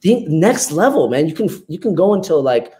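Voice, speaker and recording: A man's voice: fairly high pitch, sing-song, normal speed, dark tone. A young man, a dancer, talking as a podcast guest in a laid-back way, dropping "like" and "man" often. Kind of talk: casual interview chat.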